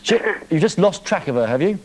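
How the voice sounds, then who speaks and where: A man's voice: on the high side, animated, brisk, a little mellow, slight background noise. A man hosting a live TV show from a studio, teasing a caller in a cheeky way. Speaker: TV presenter. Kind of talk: live TV banter.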